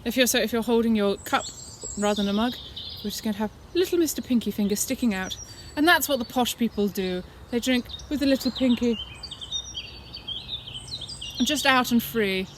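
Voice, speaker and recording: A playful woman with a fairly high voice leads children through an activity lesson and then tells them a story. She speaks straight to her young audience, warm with encouragement. She was recorded outdoors in woodland, and birdsong carries clearly behind her. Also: moderate pace, noisy background. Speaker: children's church leader.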